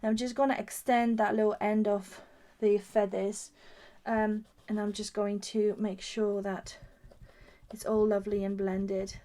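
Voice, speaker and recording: A woman's voice: medium pitch, flat delivery, unhurried, mellow. Gushing woman demonstrating a craft. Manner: gushing, admiring her own work; chatty, thinking aloud as she works. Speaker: craft shop founder and demonstrator.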